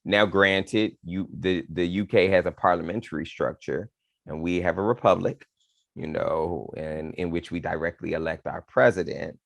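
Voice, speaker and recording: A man's voice: deep voice, steady tone, normal speed, vocal fry, no echo. A man co-hosting a podcast, casually and animatedly talking politics with playful asides to his co-host.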